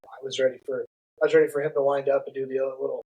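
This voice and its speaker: This middle-aged man is a guest on a podcast, racing through a casual anecdote with laughter and lively impressions of what others said. He has a mid-range voice on a low-quality recording.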